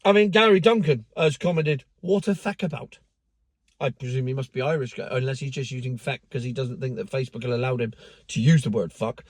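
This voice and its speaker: A man's voice: mid-range voice, fast talker, dry recording. A man giving a sardonic, mocking rant in casual commentary, with the odd swear word. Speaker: car vlogger.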